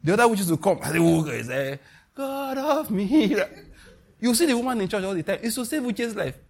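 A Nigerian man in the pulpit, preaching with emphatic energy. His voice sits a little high for a man and carries a husky edge. He jumps sharply upward in pitch when he drives a point home. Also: fast. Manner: animated, emphatic preaching with sudden high emphatic rises. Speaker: pastor. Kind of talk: sermon.

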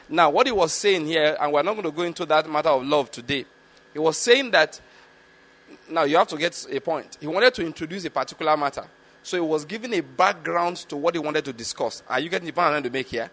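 A man preaching a Bible teaching sermon, reading scripture slowly and deliberately and often checking that his listeners follow. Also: fairly high pitch, a bit bright. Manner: checks in with listeners with repeated questions.

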